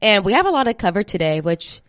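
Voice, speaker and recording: A woman's voice: mid-range voice, very animated, fast talker, no echo, clean studio sound. A young woman co-hosting a casual movie podcast, a little congested from a cold, chatty with fillers and restarts. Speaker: podcast co-host.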